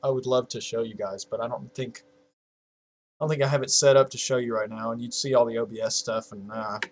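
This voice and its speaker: A man's voice: mid-range voice, steady tone, fairly quick. A man of twenty-one chatting casually to his viewers from a home setup, rambling, swearing freely and laughing at his own jokes. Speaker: YouTuber.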